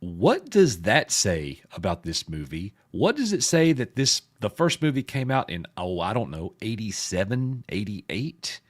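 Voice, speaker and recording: Male stream co-host, low gruff voice, animated delivery, jokey banter. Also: measured pace, hardly any pauses. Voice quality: gruff, a bit hoarse. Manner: joking, addresses chat viewers by name. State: sounds slightly sick. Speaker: co-host of a pop culture live stream. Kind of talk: casual live-stream chat.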